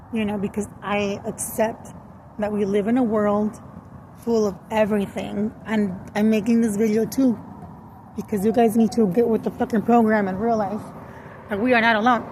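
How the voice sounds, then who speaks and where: A woman's voice: on the high side, slight background noise, poor audio. A woman telling a rambling, profane story to her viewers in a casual vlog. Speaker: vlogger.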